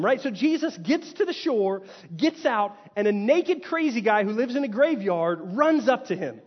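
Male pastor from Texas, animated sermon storyteller, slightly muffled hall sound. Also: sits high, normal speed. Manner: animated storytelling, acts out quotes, rhetorical "right?". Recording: hall reverb, dull lo-fi sound.

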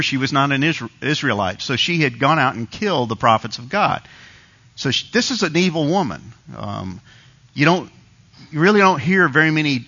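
A man's voice: medium pitch, pushed and bright, highs cut off. A man preaching a conversational sermon, retelling a story with quoted asides.

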